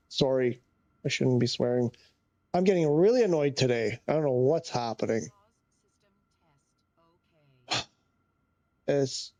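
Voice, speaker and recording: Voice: medium pitch, lively intonation, slow, pauses often, a little mellow, no room sound. A flight sim streamer talking to themselves during live gameplay, muttering, sighing often and getting easily frustrated.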